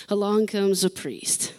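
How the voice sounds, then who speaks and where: A woman's voice: medium pitch, darkish tone. A woman pastor preaching an emotional sermon, repeating phrases for emphasis and laughing between lines.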